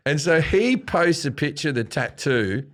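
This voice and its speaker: Australijczyk, ożywiony, wulgarny gawędziarz. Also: male voice, fairly high pitch, moderate pace. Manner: profane, animated storytelling with acted-out quotes. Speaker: guest comedian. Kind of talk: storytelling in a casual interview. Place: studio.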